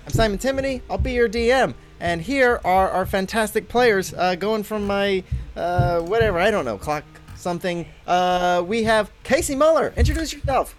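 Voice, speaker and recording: A man's voice: sits high, lively intonation, normal speed. A man hosting a comedy tabletop podcast as game master, upbeat and joking.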